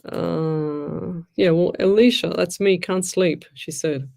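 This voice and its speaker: A woman's voice: on the low side, fairly even intonation, slow pace, creaky, a little mellow. A middle-aged woman, a psychic medium hosting a show, chatting loosely and giving frank advice while reading out comments. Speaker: psychic medium radio host. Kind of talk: casual live-stream chat, reading out comments.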